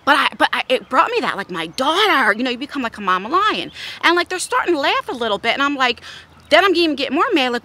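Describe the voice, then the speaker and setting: A woman's voice: high-pitched, sing-song, fast talker, sharp tone. A middle-aged woman vlogger telling a story in a casual, blunt way, with some swearing.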